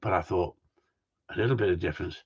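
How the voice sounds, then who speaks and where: Husky-voiced man hosting a live stream. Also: deep voice, quick pace, a little mellow. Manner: jokey, teasing, reads viewer comments aloud. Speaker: host of a gundog group live stream. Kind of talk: casual live-stream chat. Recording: dull lo-fi sound.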